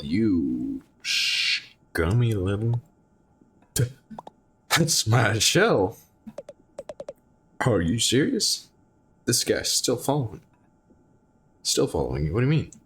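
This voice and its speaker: A man's voice: low voice, slight background noise. A man reading game dialogue aloud during a playthrough, playfully trying out voices. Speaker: gaming streamer.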